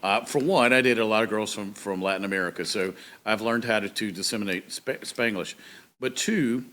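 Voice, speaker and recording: A man's voice: on the low side, fairly quick, fairly bright tone. A man, a pastor hosting his own show, chats in a folksy, casual way. He often slips into short acted-out quotes to make his point. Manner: chatty, folksy, acts out quotes. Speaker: pastor and talk show host. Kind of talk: casual monologue.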